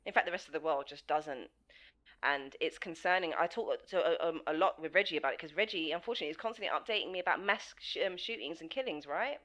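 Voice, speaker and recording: A woman with an English accent, co-hosting a podcast in casual chat, blunt and animated, swearing freely. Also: low-pitched, fast talker. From England. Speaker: podcast co-host.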